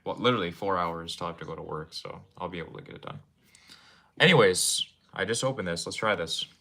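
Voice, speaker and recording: This young man talks fast in a low voice with vocal fry, bright and forceful in tone. He's streaming from his room at home, which has game shelves, casually rambling and chatting easily with his audience.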